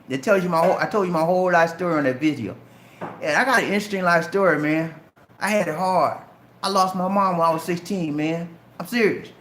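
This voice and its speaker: A man's voice: high voice, fairly bright tone, reverberant, slight background noise. A middle-aged man from Charleston, South Carolina, with a light Southern Geechee accent, casually answering viewer questions on a live stream and talking directly to viewers. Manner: chatty, addresses viewers directly as man and bro.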